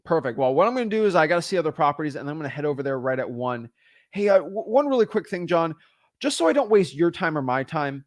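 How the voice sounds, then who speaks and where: A young man teaching real estate wholesaling in an energetic, casual way, acting out both sides of phone calls with sellers. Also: a little high, quick pace, no echo, studio quality.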